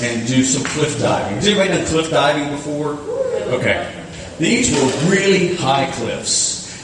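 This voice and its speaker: Lively pastor in an echoey hall. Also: male voice, medium pitch, background noise. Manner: animated, self-deprecating storytelling with acted-out self-talk. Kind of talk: storytelling sermon. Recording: echoey hall, mic far from speaker.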